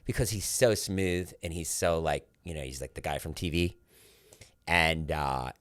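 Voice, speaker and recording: A man's voice: extremely low pitch, unhurried, no echo, clean studio sound. A man in his forties, a podcast guest telling stories in casual chat and acting out what others said. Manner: animated storyteller, acts out quotes loudly.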